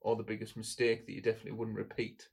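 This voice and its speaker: A man's voice: fairly low pitch, monotone, racing, creaky, a little mellow, slightly rough. A man hosting a podcast, asking questions in an easygoing way with plenty of fillers. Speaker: podcast host. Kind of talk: casual interview chat.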